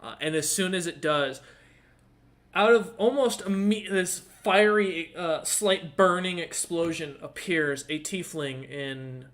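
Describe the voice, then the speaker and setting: Game master, man, bright and fairly high voice, casual narration full of fillers. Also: slow. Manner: casual, hesitant, many fillers.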